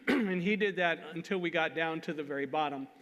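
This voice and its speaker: A man's voice: fairly high pitch, moderate pace. Man telling a story in a hall. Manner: animated, self-deprecating jokes, laughs at himself. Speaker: conference speaker. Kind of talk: storytelling talk. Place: conference hall. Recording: long hall reverb.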